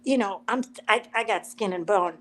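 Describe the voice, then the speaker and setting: Woman guest on a live chat, animated storyteller who does the voices in her quotes. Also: medium pitch, moderate pace, a little hiss or hum, low-quality recording. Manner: animated storyteller, acts out quotes, laughs often.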